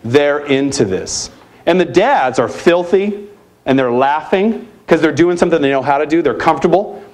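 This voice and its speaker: Emphatic male conference speaker, higher-pitched. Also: moderate pace. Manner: energetic, emphatic, challenging rhetorical questions. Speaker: keynote speaker at a youth ministry conference. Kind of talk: live conference talk. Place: conference center hall.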